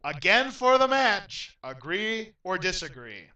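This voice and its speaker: Bright upbeat game show host man. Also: sits high, unhurried, distant mic, low-quality recording. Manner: upbeat, announcer-like, bursts into excitement at wins.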